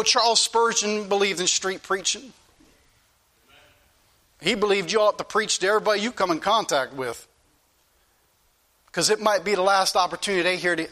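A man's voice: high voice, sharp tone. A male pastor preaching an earnest, repetitive sermon that rises into pleading questions to his congregation.

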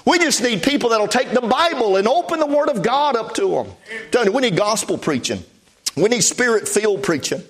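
A man with a notably high voice preaches from the pulpit. He tells a testimony story in a folksy, plainspoken way, stacking up "I said" asides. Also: very animated, fairly quick. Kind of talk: storytelling sermon.

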